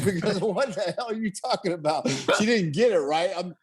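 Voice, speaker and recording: A middle-aged man telling a story in casual, profane talk, animated and laughing often. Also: sits high, fairly quick, a crowd in the background.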